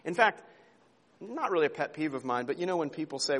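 A man's voice: a little high, very animated, fairly quick, a bit bright. A man preaching a sermon as pastor, earnest and emphatic, repeating words and asking rhetorical questions. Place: church sanctuary. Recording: long hall reverb.

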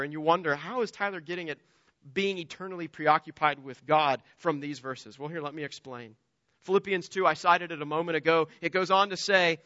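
A man's voice: sits high, sharp tone, no room sound, highs cut off. A man preaching a sermon as pastor, impassioned and building to emphatic peaks.

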